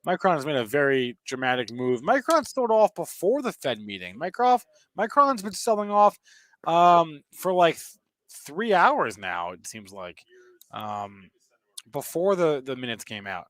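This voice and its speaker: A man co-hosting a live market show, chatting casually and playfully with lots of halting restarts. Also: on the high side, big pitch swings, fairly bright tone, no room sound. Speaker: co-host reading the chat.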